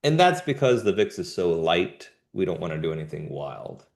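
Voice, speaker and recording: A man's voice: sits low, moderate pace, creaky. A man hosting a live trading show, giving casual market commentary in jumpy bursts with slangy asides. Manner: animated, jumpy delivery with sudden emphatic bursts.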